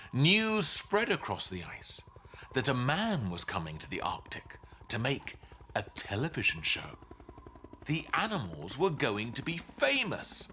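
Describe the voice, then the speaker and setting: Male storybook reader, bright and forceful, slow and deliberate, very animated delivery. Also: a little hiss or hum. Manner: highly animated, with big swings into sound effects. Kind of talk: reading a children's picture book aloud.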